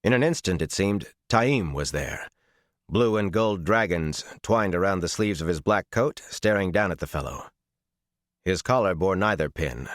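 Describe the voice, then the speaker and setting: A male audiobook narrator reading a fantasy novel with measured, dramatic storytelling. His voice is very deep, and the recording is dry and close with no room sound. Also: expressive, no room sound.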